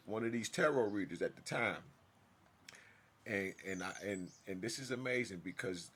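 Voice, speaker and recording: A storyteller vlogger with a medium-pitched voice tells a personal story in a casual monologue. He's emphatic, swinging between loud outbursts and hushed asides.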